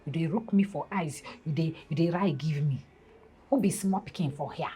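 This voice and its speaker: A woman's voice: low voice, normal speed, warm tone, breathy edge. A hurt young woman in Pidgin. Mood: accusing. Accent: Nigerian Pidgin. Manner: accusing, emotional pidgin talk. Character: young woman jealous, pleading with her lover.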